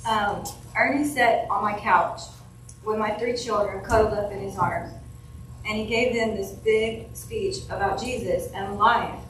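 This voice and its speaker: A woman's voice: medium pitch, fairly even intonation, far from the mic, a little hiss or hum. Emotional woman giving a eulogy in an echoey hall. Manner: emotional, halting, with restarts and soft laughs. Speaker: family member giving a eulogy. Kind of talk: eulogy read from notes. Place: funeral home chapel.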